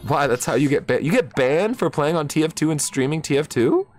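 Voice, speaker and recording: A young man casually commenting while streaming a game, jokey and excitable, breaking into shrieks and laughs. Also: fairly high pitch, fairly quick, faint music behind. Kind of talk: casual gaming livestream commentary.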